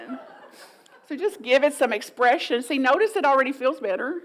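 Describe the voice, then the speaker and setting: A woman's voice: high-pitched, animated, fairly quick, a bit bright, poor audio. A woman pastor giving a folksy, playful sermon in a church, often mimicking voices for humor. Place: church sanctuary.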